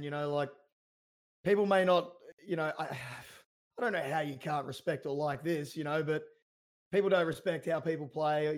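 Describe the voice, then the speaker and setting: A man co-hosting a casual podcast, talking loosely and heatedly, peppered with "mate" and "man". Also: fairly high pitch. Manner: fired-up, loose talk full of "mate" and "man".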